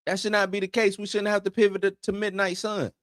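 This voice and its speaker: A man's voice: high-pitched, little pitch movement, quick pace, fairly bright tone, no echo, studio quality. A man hosting an entertainment news show in loose, slangy casual commentary, chuckling between points.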